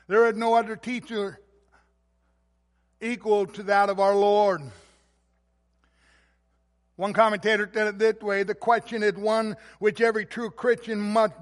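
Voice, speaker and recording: High-voiced man preaching in a reverberant hall. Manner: emphatic preaching, swells louder on key words. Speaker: pastor. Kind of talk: sermon.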